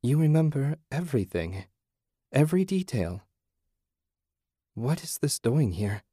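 A man voicing a calm, disembodied otherworldly voice that soothes and teases in a close, dry storybook reading. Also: mid-range voice, a little slow, slightly rough, no room sound, voice pushed up. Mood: soothing, knowing. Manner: soothing, teasing, speaks in riddles.

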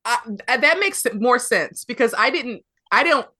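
A woman chatting casually about a movie, agreeable and quick to laugh. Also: a little high, expressive, sharp tone. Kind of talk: casual movie review chat.

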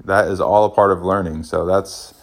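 Casting: low-voiced man in his thirties, casual vlog chat, loose and rambling, lots of self-corrections. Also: steady tone, moderate pace. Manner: rambling, thinking aloud with many restarts. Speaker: stay-at-home dad vlogger.

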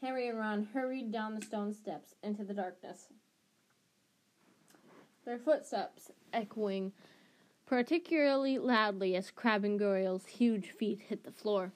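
A woman reads a children's novel aloud, narrating steadily at a middle pitch. She often trips over a word and restarts the phrase, like an amateur reader sharing chapters. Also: measured pace, a little mellow. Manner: restarts and self-corrections. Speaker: storybook reader.

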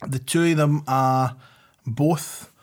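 A man co-hosting a podcast, jokey and rambling with halting restarts. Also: mid-range voice, fairly even intonation. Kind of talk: casual chat.

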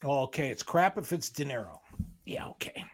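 A male talk show co-host in a heated on-air argument, defensive and combative, breaking into fast rants. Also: mid-range voice, sing-song, breathy edge.

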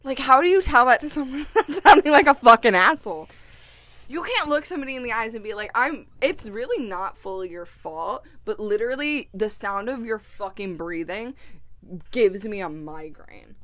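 A woman's voice: on the high side, moderate pace. A woman co-hosting a podcast, ranting in casual chat with heavy swearing and quoted voices. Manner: profane, animated storytelling with quoted voices. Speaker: podcast co-host.

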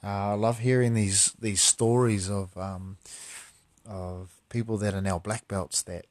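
A man's voice: lowish voice, steady tone, a little slow, darkish tone, dry recording. A man, a martial artist talking bluntly and profanely in a casual monologue.

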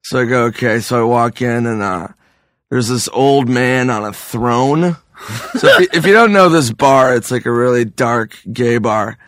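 A man's voice: mid-range voice, moderate pace, a bit bright, no echo, studio quality. A comedian guest, a man who is hungover, telling profane anecdotes casually and laughing through them on a podcast.

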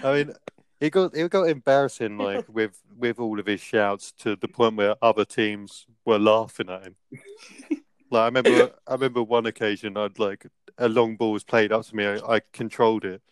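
A man's voice: lowish voice, moderate pace, clear, resonant tone, no room sound. A young man casually telling a rambling anecdote as podcast co-host, laughing often. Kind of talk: casual storytelling.

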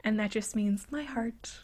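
A woman co-hosting a podcast in casual chat, bubbly and laughing often, talking in quick bursts. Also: a little high, husky. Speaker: podcast co-host.

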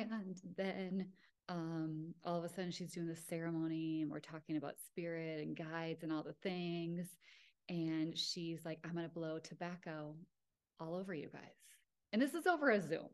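A woman's voice: low-pitched, normal speed. A young adult woman hosting her own podcast, telling a personal story in a casual, chatty way with lots of fillers. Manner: chatty, filler-heavy, lively with acted-out quotes. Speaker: podcast host.

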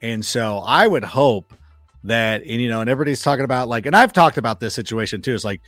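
A man as a guest football analyst in a casual sports chat, telling animated stories, acting out quoted remarks and swearing freely. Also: mid-range voice, quick pace, no room sound. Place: studio.

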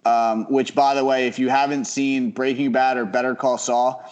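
A man's voice: mid-range voice, little pitch movement, moderate pace, darkish tone, lo-fi sound. A man hosting a casual podcast chat, talking in rambling, profane bursts full of fillers and restarts.

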